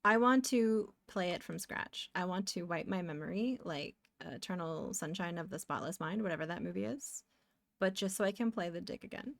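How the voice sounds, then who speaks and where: A woman's voice: fairly low pitch, moderate pace, vocal fry, dry recording. Chatty woman streamer, dry close mic. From Canada. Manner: chatty, distracted, bursts of excited exclamations. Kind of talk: casual live-stream chat while drawing.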